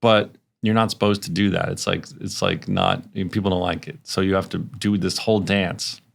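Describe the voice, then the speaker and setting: A man's voice: sits low, steady tone, moderate pace, creaky. A man co-hosting a podcast in casual chat, telling stories animatedly and acting out other people's lines. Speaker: podcast co-host.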